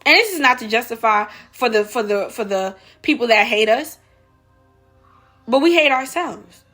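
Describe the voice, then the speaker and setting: Woman going off on a rant, lots of repeated questions, high sharp voice. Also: lively intonation, normal speed, faint music behind. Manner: emphatic, repeats rhetorical questions, addresses viewers as y'all. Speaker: vlogger. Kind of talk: opinion rant to camera.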